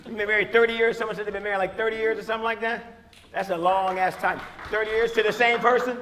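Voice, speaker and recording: Brash high-voiced man on a comedy stage. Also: flat delivery, very fast. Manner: brash, loud, punchy, chatting with the audience. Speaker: stand-up comedian. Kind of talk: stand-up comedy set with crowd work. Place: comedy club stage with a live audience. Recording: live club recording with crowd laughter and noise. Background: audience laughter and room noise.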